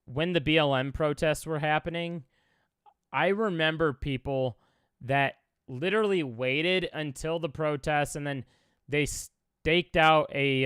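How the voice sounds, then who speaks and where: Young man, streamer, reaction talk, rambling, emotional, lots of fillers, slightly high voice. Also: fairly bright tone, clear, resonant tone, no echo, clean studio sound. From Chicago.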